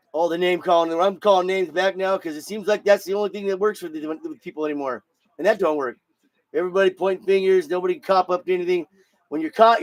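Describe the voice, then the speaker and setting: High-voiced man on a profane rant. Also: dry recording. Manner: profane, blunt, repeats words when heated. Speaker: show host. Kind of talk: solo political rant.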